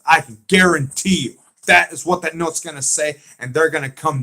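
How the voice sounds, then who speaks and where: A man with a Southern accent hosting a livestream, chatting excitedly and emphatically with viewers, repeating his points. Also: on the high side, normal speed. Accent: American Southern. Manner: excitable and emphatic, repeats himself, talks back to chat. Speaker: livestream host. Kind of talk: casual fan chat on a livestream.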